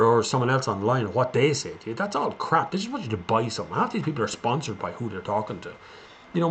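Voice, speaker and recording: Irish male streamer, mid-range voice, loose rambling chat with viewers, slight hiss behind. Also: mid-range voice. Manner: rambling, chatty, reads viewer comments aloud. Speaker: live stream host. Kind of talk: casual live-stream Q&A chat.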